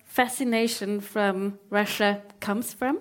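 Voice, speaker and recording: A woman hosting an interview with a mid-range voice, chiming in agreeably and asking questions in a relaxed conversational way. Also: medium pitch, slow pace.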